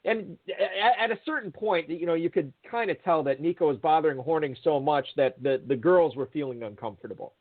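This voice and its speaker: Man, somewhat high voice, rambling anecdote, lots of fillers, tinny phone-line sound. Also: a little fast, hardly any pauses. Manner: rambling storyteller with many fillers and restarts. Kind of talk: casual anecdote over a call.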